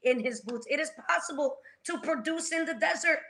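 Bright-voiced woman hosting a faith chat. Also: sits high, fairly quick. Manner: animated, retells scripture with acted quotes and laughs. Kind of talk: faith podcast conversation.

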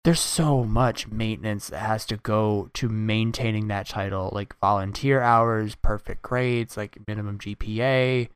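A man's voice: lowish voice, fairly even intonation, a little slow, few pauses, smooth, dry recording. A young man hosting a podcast, telling stories casually and animatedly with many fillers. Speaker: podcast host. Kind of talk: casual chat.

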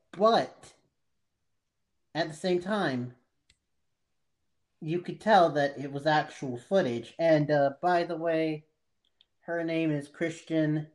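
A man co-hosting a podcast, talking casually about a TV series in halting, trailing phrases. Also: on the high side. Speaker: podcast co-host. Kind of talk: casual chat reviewing a TV series.

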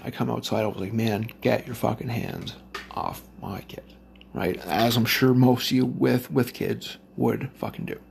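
A man rambles through a story, swearing in nearly every line. His voice is deeply gravelly and full of fry. He talks bluntly and loosely, with faint noise under the recording. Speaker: parent telling a story to listeners. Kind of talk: profane storytelling rant.

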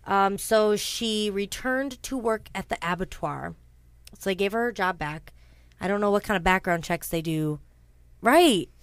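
A woman podcast host casually tells a true-crime story to her co-host, chatty and blunt, swearing freely and full of ums and asides. Her voice is medium-pitched at a measured pace, with no echo.

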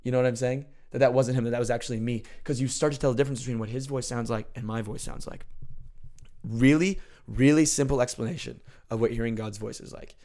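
Guy just talking through a faith lesson, earnest and chatty, keeps asking if it makes sense, mid-pitched voice. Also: steady tone, quick pace, warm tone. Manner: earnest, conversational, checks in with the listener. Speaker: podcast host teaching on faith. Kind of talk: casual teaching talk.

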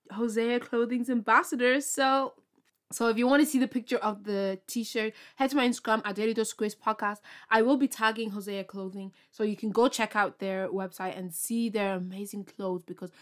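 A young woman hosting her own podcast, chatting casually in an excitable, rambling way with lots of fillers. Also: fairly high pitch. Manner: bubbly, excitable, rambling with many fillers and laughs. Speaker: podcast host. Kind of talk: casual solo podcast chat.

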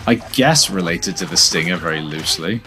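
Give me an animated man reacting to a film, lively and expressive, with soft music behind. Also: sits low, a little fast. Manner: animated, laughing, often restarts mid-sentence. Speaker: film watch-along co-host. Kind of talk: casual reaction chat over a film. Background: faint film soundtrack music.

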